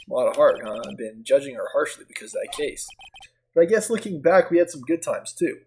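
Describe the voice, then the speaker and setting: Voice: medium pitch, very animated, fairly quick, a little mellow, soft background music, low-quality recording. A streamer reading game text aloud and chatting casually, often laughing at their own reading. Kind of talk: let's play commentary and dialogue reading.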